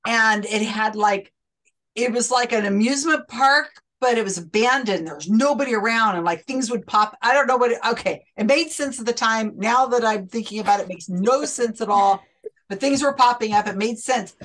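A woman's voice: a little high, moderate pace, a bit bright. A woman hosting an online chat, telling a long story in a rambling, self-interrupting way. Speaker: host. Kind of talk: casual chat.

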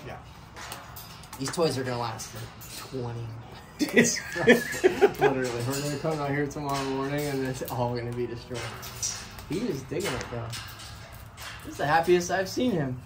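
A man's voice: mid-range voice, moderate pace, music in the background, low-quality recording. A man chatting casually in a vlog, talking playfully to his pet birds in an outdoor enclosure. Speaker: bird owner and channel host.

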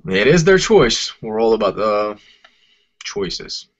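A laid-back man co-hosts a podcast over a remote call, his low voice a bit husky and swinging up and down lively as he talks. He drops "man" and "dude" into nearly every line. The audio is dull and lo-fi. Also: slow. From Puerto Rico. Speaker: podcast co-host. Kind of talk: casual chat.

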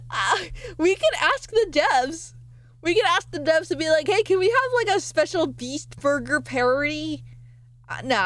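A woman streamer talks through her game in a playful, excitable ramble. Her voice sits a little high. It is recorded close and dry, with no room sound. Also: no echo. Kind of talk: casual gaming stream chatter.

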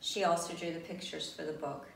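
A woman reading a children's storybook aloud in a gentle, friendly way, as a club member. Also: lowish voice, level tone, fairly quick, vocal fry. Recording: roomy, distant, faint background noise.

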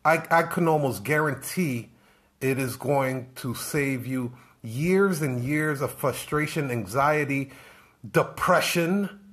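A man's voice: medium pitch, slow pace, a bit bright. Preachy, repetitive man coaching on a live stream. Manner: preachy, rhetorical questions, repeats himself. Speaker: business coach. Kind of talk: live-stream motivational talk.

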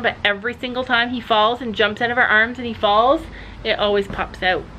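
A woman vlogging casually to her viewers, chatty and animated as she talks straight to the camera from her backyard. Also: on the high side, a little hiss or hum. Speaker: family vlogger. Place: outdoors in a backyard.

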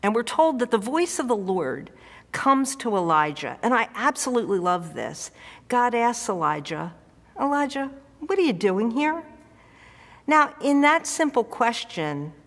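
Slow-speaking woman pastor preaching. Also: medium pitch, big pitch swings, fairly bright tone, big-room sound. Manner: conversational, earnest preaching. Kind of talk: sermon. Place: church.

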